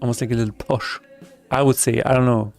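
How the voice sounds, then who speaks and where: A man's voice: mid-range voice, flat delivery, fairly quick, creaky, a little mellow, soft background music. A man from Austria, speaking English, chatting casually on a game-development livestream and laughing often. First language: German. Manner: chatty, laughs often, reads chat aloud.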